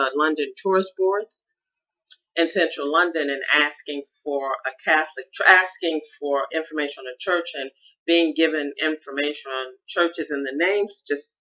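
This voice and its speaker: A woman's voice: low-pitched, bright, forceful tone, highs cut off. A middle-aged woman from Chicago, hosting a reflective personal monologue in a thoughtful, searching way with restarts and stressed words. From Chicago, USA. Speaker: podcast host.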